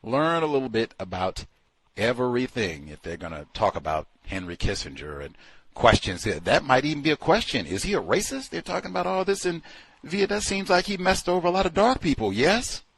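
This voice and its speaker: A man casually talking through a book he is reading, animated and full of rhetorical questions. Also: medium pitch, fairly quick, slightly rough, no room sound. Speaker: book commentator. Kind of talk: casual spoken book review.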